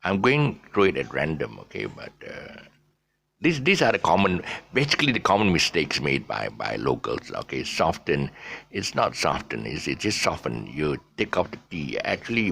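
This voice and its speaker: A man talks through a casual pronunciation lesson in a deep, gravelly voice that swings widely in pitch. He pauses often on fillers and spells words out letter by letter. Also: a bit bright, slight background noise. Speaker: teacher of English pronunciation.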